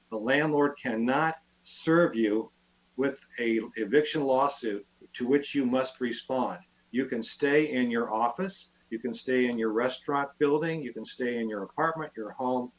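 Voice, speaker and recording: A man's voice: mid-range voice, low-quality recording. Man explaining tenant rules. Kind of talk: explaining at a council meeting.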